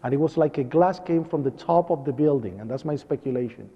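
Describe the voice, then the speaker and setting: A man with a warm, mid-range voice and a fairly quick delivery dramatically recounts a traumatic event he saw, voicing the sounds and cries for a lecture-hall audience. It's a dull, lo-fi capture with long reverb from the hall.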